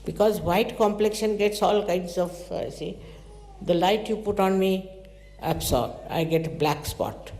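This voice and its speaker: Animated woman teaching in an echoey hall. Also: a little slow. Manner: animated storytelling with sudden pitch jumps. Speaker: spiritual teacher. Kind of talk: spiritual talk to followers.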